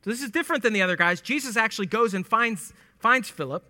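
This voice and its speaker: A man's voice: high-pitched, lively intonation, fast talker, sharp tone. A man teaching through a Bible passage in a casual, joking way, acting out lines with laughs. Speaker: preacher teaching scripture. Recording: long hall reverb.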